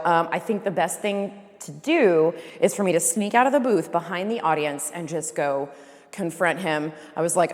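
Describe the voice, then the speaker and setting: A woman's voice: lowish voice, normal speed. A woman who works backstage in a theater tells a casual anecdote in a wry, profane way, acting out her own thoughts. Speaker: theater stage manager. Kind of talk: casual storytelling. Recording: long reverb.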